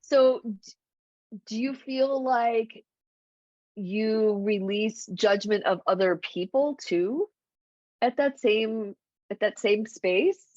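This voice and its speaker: A woman's voice: a little high, takes it slowly, long pauses, a little mellow, no room sound, muffled recording. A woman hosting an interview who gives affirming reactions and asks questions. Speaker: interview host.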